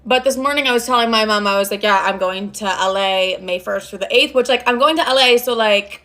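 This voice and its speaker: A woman's voice: medium pitch, a little fast, few pauses, fairly bright tone. A young adult woman telling a casual vlog story, frank and profane, rambling with lots of fillers. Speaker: social media storyteller.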